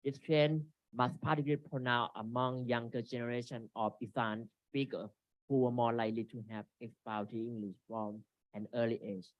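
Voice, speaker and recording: Halting man presenting a seminar. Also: medium pitch, steady tone, dry recording. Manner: halting, reads from slides with frequent restarts. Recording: dry, dull lo-fi recording.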